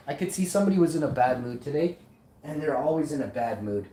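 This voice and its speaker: A man's voice: a little high, fast, dark tone. A man hosting his own vlog, rambling boastfully in slang with frequent self-corrections. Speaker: vlogger, channel host. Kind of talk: casual rambling monologue. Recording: echoey room, distant mic, faint noise.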